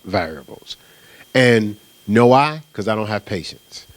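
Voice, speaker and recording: A man's voice: lowish voice, a little slow, no echo. A middle-aged man from New Jersey preaching a sermon as pastor, telling stories casually and often asking "right?". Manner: animated storytelling, casual and conversational, with repeated "right?".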